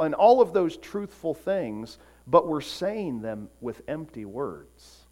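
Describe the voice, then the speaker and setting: Man, pastor, sermon, earnest, somewhat high voice, emphatic then hushed. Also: big pitch swings, takes it slowly, few pauses. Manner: earnest, rises to emphatic peaks then drops soft; acts out short voices in quotes.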